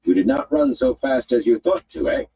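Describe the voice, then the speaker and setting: A man's voice: medium pitch, animated, normal speed, dull audio, a little hiss or hum, voice pushed up, lightly acted. A man voicing a big, mocking guild enforcer who threatens in a strange formal way. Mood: menacing.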